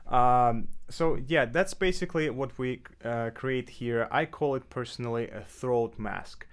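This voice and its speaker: Man explaining clarinet technique, relaxed. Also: mid-range voice, measured pace, clean tone. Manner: relaxed, with frequent fillers and self-corrections. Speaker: clarinet teacher. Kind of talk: casual instructional tutorial. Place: apartment indoors.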